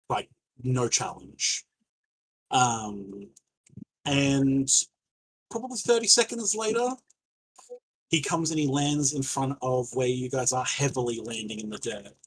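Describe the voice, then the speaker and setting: A man's voice: mid-range voice, expressive, measured pace, long pauses, a bit bright, slightly rough, low-quality recording. A man running a tabletop game as game master, narrating loosely with many fillers and casual swearing.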